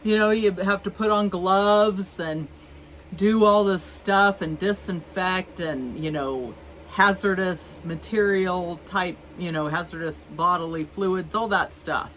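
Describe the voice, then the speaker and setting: A woman's voice: lowish voice, takes it slowly, fairly bright tone, slight background noise, low-quality recording. A woman in her fifties telling a story to camera in a chatty, rambling way, with many fillers and restarts. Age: 50s. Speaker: vlogger.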